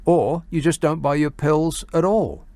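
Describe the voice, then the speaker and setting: A man's voice: on the high side, fairly even intonation, unhurried, mellow, no echo. A man hosting a radio phone-in, talking sarcastically and chattily, with frequent fillers and mocking asides. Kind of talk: talk radio monologue. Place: radio studio.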